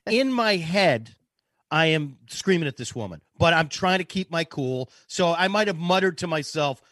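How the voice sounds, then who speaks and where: Co-host, man from Boston, bright high voice, lively swings, self-mocking storyteller. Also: normal speed, no room sound. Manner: animated, self-mocking anecdote teller. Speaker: podcast co-host. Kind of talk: casual comedic storytelling.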